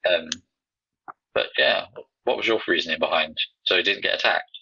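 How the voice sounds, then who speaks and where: A man's voice: low-pitched, moderate pace, creaky, sharp tone, a little hiss or hum. A man co-hosting a casual podcast chat, thoughtful and easygoing, on a slightly lo-fi mic. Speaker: podcast co-host.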